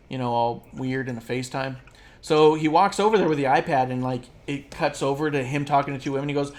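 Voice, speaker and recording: A podcast co-host in casual chat, rambling and swearing freely, with plenty of fillers and quick mocking asides. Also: medium pitch, steady tone. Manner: rambling, profane, filler-heavy; drops into quick mocking impressions.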